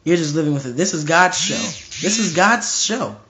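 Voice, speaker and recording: A man's voice: fairly high pitch, lively intonation, normal speed, pushed and bright, a little hiss or hum. A young man preaching informally to a live stream, emphatic and repetitive, often restarting his phrases.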